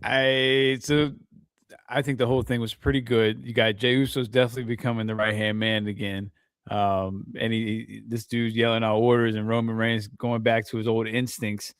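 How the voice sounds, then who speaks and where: A man's voice: medium pitch, flat delivery, moderate pace, clean tone, no room sound, clean studio sound. Laid-back man with hesitant commentary. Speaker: podcast co-host. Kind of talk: wrestling recap commentary.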